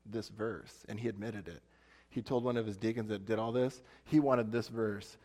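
A pastor preaching a casual, conversational sermon, chatty and thinking out loud with self-deprecating asides. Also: male voice, fairly low pitch, normal speed.

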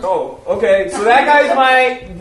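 A man's voice: high-pitched, lively intonation, takes it slowly, a bit bright. A man performing a live improv scene with a mock-confident, bantering manner. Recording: echoey room with live audience.

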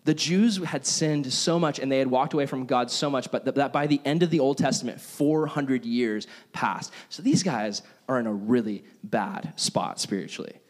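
A young man preaching a casual, conversational sermon and telling stories, animated and acting out his own reactions. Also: mid-range voice, normal speed, few pauses. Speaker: pastor. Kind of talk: sermon with personal storytelling.

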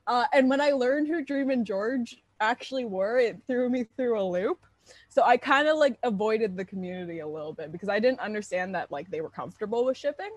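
A woman's voice: a little high, expressive, fairly quick, no room sound. A young woman chatting casually as a fan, giggly and full of fillers. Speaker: fan interviewee. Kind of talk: casual chat.

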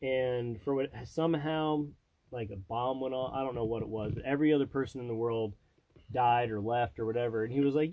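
A man in his thirties, a podcast host and father, telling stories in animated, casual chat, slipping into voices and laughing. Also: mid-range voice, fairly quick, dry recording, poor audio.

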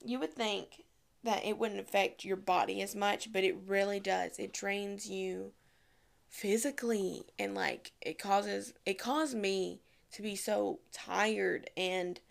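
A young woman giving casual, candid advice to the camera, chatty and frank, with lively asides. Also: medium pitch, gravelly. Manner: chatty, candid, acts out quoted voices.

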